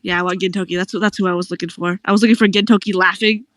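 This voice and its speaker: A woman's voice: mid-range voice, steady tone, racing, fairly bright tone, dry recording. Woman, casual friend chat, dry recording, chatty and giggly. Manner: chatty, laughs often between lines.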